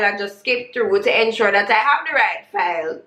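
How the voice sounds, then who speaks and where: A woman's voice: fairly high pitch, animated, a little slow, bright, forceful tone. A woman, telling a story in a casual, sarcastic way with creole grammar, like a vlogger reviewing a show. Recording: echoey room.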